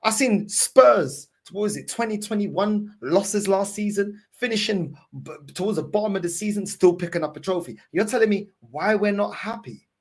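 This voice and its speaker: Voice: medium pitch, moderate pace, hardly any pauses, darkish tone, slightly rough. A football fan host ranting angrily to camera, swearing and repeating points. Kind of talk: angry fan rant to camera.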